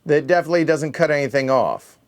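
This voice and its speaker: A man's voice: fairly high pitch, quick pace. Man muttering counts to himself. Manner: muttering counts under his breath while working out moves. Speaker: board game host. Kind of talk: thinking aloud during a solo board game play-through.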